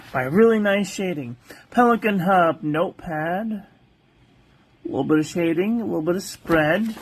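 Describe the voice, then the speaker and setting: A woman hosting a calligraphy channel, methodically reviewing ink on one paper after another in a calm, soft-spoken voice. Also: on the low side, normal speed, a little hiss or hum.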